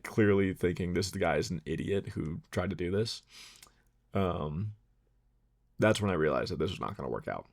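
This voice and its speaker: Young male vlogger, low voice with fry, loose self-mocking chat. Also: normal speed. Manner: relaxed, self-deprecating, rambling with fillers. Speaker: photography vlogger. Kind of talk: casual vlog narration.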